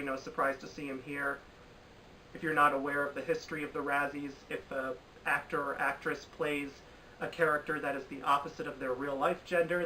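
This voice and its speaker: Young male film commentator, bright sharp tone, voice set slightly back from the mic, faint room hiss, emphatic and sarcastic. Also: mid-range voice, far from the mic, low-quality recording. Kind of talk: opinionated commentary. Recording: voice a bit off-mic with faint ambience.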